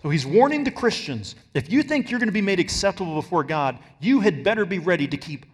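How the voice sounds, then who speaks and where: A man's voice: sits high, very animated, fast, hardly any pauses, slightly rough, big-room sound. A man preaching a sermon as pastor, emphatic, stretching and stressing words for effect. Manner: emphatic, varies loudness and pace for stress.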